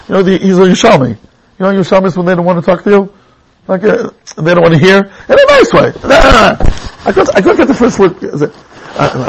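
A middle-aged man teaching a Torah class, telling personal stories with sudden high exclamations. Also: a little hiss or hum, low-quality recording.

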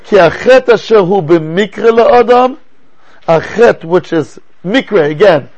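An older man teaching a class as a rabbi, lecturing in an animated way and asking rhetorical questions. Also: high-pitched, slow, muffled recording.

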